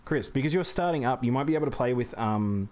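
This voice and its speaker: A man's voice: medium pitch, lively intonation, fast, darkish tone. A man streaming live gameplay, chatting with viewers as he plays. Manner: chatty, reacts to chat and thanks viewers.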